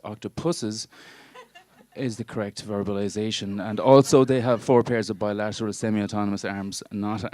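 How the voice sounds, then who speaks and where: Male stand-up, 30s, lowish voice, dry pedantic know-it-all delivery. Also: a little mellow, slight background noise. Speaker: stand-up comedian and marine biologist. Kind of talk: stand-up comedy set. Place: comedy club stage before a live audience.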